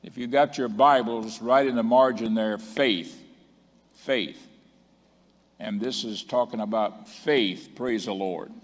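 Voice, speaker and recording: A man with a fairly low voice preaches in a church, and his words ring out with a long hall reverb. He reads scripture slowly, stretching and stressing key words. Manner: slow emphatic scripture reading, rising in force. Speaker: bishop preaching. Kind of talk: sermon. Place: church sanctuary.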